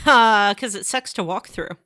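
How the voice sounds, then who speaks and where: A woman's voice: medium pitch, unhurried, bright, forceful tone, no room sound, clean studio sound. A woman co-hosting a podcast, chatting casually and teasingly about a video game. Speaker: podcast co-host.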